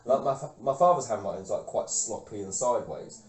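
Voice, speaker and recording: A man's voice: fairly low pitch, animated, a little fast, recorded from a distance. A man co-hosting a casual podcast, telling stories with lots of swearing and laughter. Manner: swears often, laughs through his stories. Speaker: podcast co-host. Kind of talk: casual chat. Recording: echoey room, voice off-mic.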